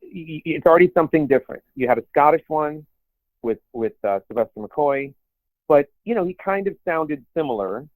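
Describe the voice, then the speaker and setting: A man's voice: a little high, animated, fairly quick, dry recording. A man co-hosting a podcast in casual chat, rambling with many restarts and put-on quotes. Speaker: podcast co-host. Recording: tinny phone-like sound, dry.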